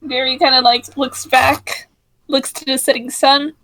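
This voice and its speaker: A woman's voice: sits high, level tone, measured pace, a bit bright, dry recording, poor audio. A woman player in a casual tabletop game, talking hesitantly into a home microphone. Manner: hesitant, laughs often.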